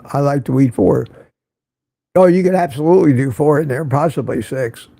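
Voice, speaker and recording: Gravelly, mellow-voiced male livestream host. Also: on the high side, moderate pace, no room sound, clean studio sound. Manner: chatty, chuckles often, repeats himself. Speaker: livestream host reading viewer chat. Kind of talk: casual morning livestream chat.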